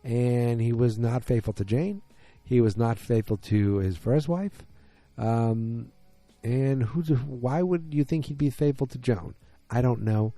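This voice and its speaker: A man's voice: medium pitch, unhurried, mellow, dry recording, soft background music. A man in his forties casually recapping a TV episode on his own, rambling and hesitant, with lots of ums and asides.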